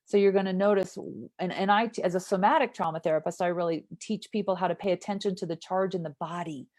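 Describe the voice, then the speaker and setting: A woman's voice: on the low side, fast, darkish tone. A woman who works as a somatic trauma therapist, explaining earnestly as an interview guest and often checking in with "right?".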